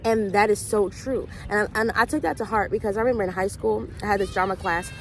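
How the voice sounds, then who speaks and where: A woman's voice: mid-range voice, fairly quick. Young woman host, easygoing movie recap, voices the dialogue, light traffic hum. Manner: chatty storyteller acting out quoted dialogue. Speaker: host of a faith vlog. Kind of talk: casual retelling of a movie.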